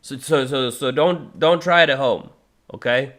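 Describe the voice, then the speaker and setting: Medium in pitch with a fairly bright tone and moderate pace, a man in his thirties chats casually on a live stream. He wanders in his talk with many fillers and false starts, sometimes interrupting himself with harsh vocal demonstrations.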